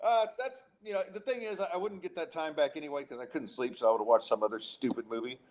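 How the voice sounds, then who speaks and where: A middle-aged man hosts a podcast, chatting casually and ranting sarcastically with lots of restarts. His voice sits fairly high and has a darkish tone, and he talks quickly. He sounds exasperated throughout.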